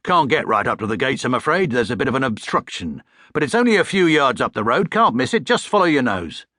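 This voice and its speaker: A man's voice: medium pitch, very animated, brisk, pushed and bright, no room sound, studio quality, voice pushed up. A man doing a chatty cabbie. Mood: sympathetic. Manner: chatty, sympathetic. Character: friendly middle-aged male London cabbie.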